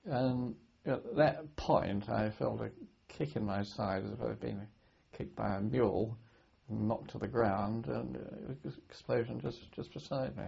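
An older man from Britain, a war veteran, recalling his service in an oral history interview, speaking haltingly with many restarts and repeated words. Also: medium pitch, creaky, breathy edge. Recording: dull lo-fi archive recording.

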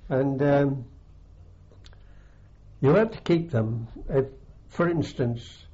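An older man speaks slowly, in a mid-pitched voice, pausing and restarting as he reminisces. The recording is a dull, lo-fi archive tape with the top end rolled off. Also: dark tone. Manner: halting and unhurried, full of ums and restarts. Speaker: veteran interviewee. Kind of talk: oral history reminiscence.

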